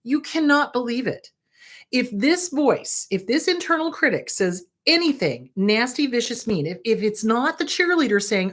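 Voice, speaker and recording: A middle-aged woman therapist hosting a show, giving casual advice in a blunt, animated way, swearing for emphasis and checking in with the listener. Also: fairly high pitch, moderate pace. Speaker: therapist, podcast host.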